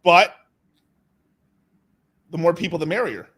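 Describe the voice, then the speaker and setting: A man in a loose crypto livestream chat. His voice sits a little high, and he gets worked up fast, stacking false starts and swear words as he talks. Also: slightly rough. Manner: excitable, swears a lot, many restarts. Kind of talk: casual chat.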